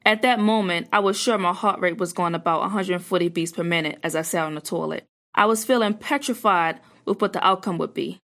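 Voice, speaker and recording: A young woman earnestly reading a personal story aloud, in a measured storytelling manner. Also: mid-range voice, a bit bright.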